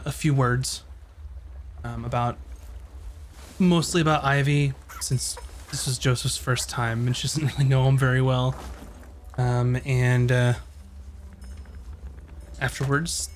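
A man's voice: medium pitch, flat delivery, takes it slowly, pauses often, a little hiss or hum. A man running a tabletop game, narrating loosely and playing characters with a joking manner. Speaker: game master.

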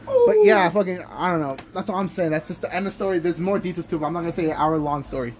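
A man's voice: a little high, racing, a little hiss or hum. A man casually telling a crude story on a podcast, rambling with restarts, swearing and laughing often.

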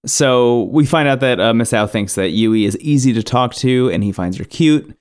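A man co-hosting a podcast, chatting casually and recounting scenes in a relaxed, conversational way. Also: mid-range voice, moderate pace, clear, resonant tone. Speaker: podcast co-host. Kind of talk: casual recap chat.

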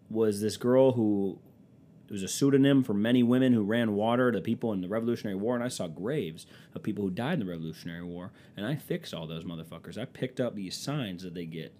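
A young man chatting casually and comically as a podcast host, rambling and swearing, with quick dips into silly voices. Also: on the low side, dark tone, a little hiss or hum. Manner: rambling, profane, slips into silly quoted voices. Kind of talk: casual comedic chat.

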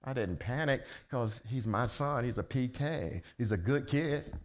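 A man preaching a sermon, telling a personal story in a humorous, conversational way that builds from quiet, low storytelling to loud, excited shouting. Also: unhurried. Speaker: pastor. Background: congregation laughter.

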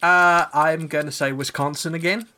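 A man's voice: on the high side, moderate pace. A man co-hosting a podcast, chatting casually, swearing and laughing as he tells stories. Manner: swearing, laughs a lot, animated storyteller. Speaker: podcast co-host. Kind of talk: casual chat.

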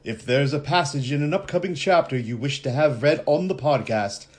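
A man reading a fantasy novel aloud for a podcast, with expressive storytelling. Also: on the high side, normal speed. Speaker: podcast reader.

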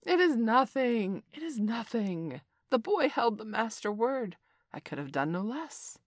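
Shrill male kite bird, a loud, high caller delivering an urgent message, as a woman reads it out; a storybook reading on a dry track. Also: big pitch swings, a little slow, dry recording. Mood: modest. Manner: high, calling out loudly.

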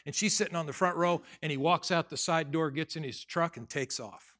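Middle-aged male pastor, bright forward voice, chatty sermon delivery with emphatic outbursts. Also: a little high, fairly quick. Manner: conversational, swings from quiet asides to loud emphatic bursts. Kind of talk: sermon with personal story.

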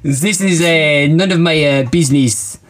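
A man voicing an evasive Frenchman with a French accent, speaking in stiff, halting phrases. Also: on the high side, natural voice. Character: evasive Frenchman guarding a number plate.

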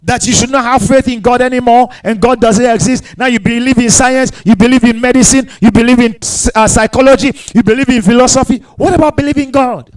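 A man's voice: extremely high pitch, fairly even intonation, brisk, hardly any pauses, poor audio. A male pastor preaching a sermon, repeating phrases and asking the congregation rhetorical questions.

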